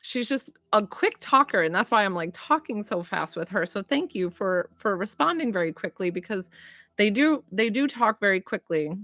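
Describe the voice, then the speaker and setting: A woman's voice: medium pitch, animated, normal speed, a bit bright, no echo, clean studio sound. A woman working as a psychic medium, chatting through a live reading with many "like" fillers.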